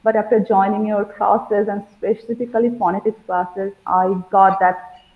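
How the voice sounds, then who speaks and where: A woman's voice: medium pitch, little pitch movement, normal speed. A woman from India with an Indian English accent, a Bengali speaker, talking as a student in an online interview, hesitant with many fillers. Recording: echoey tinny call audio.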